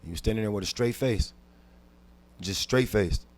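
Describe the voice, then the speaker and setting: A man, a comedian guest on a podcast, telling a personal story intensely and dropping from hushed to loud, with frequent repeats and restarts. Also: lowish voice, moderate pace. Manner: repeats words and restarts while recounting.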